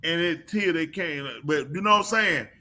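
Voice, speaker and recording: A man with a bright, forceful voice, co-hosting a live call-in show. He tells stories in loose, casual banter and breaks into loud laughter. His voice sits a little high. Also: moderate pace. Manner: animated storytelling with loud laughs. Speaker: co-host.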